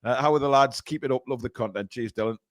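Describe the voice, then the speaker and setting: A man's voice: mid-range voice, fast talker, no echo, clean studio sound. A middle-aged man co-hosting a live football watchalong, chatting casually and speaking straight to his viewers. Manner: chatty, joking, addresses viewers directly. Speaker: co-host of a live match watchalong.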